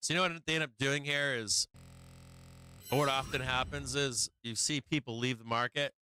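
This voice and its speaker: Hosting a casual live stock market stream, this man talks directly to viewers, coaching and taunting them in brash, profane, rambling trading commentary that keeps restarting and leans on "right?" again and again. His medium-pitched voice is clear, resonant, and sharp, with a steady tone at normal speed and no room sound.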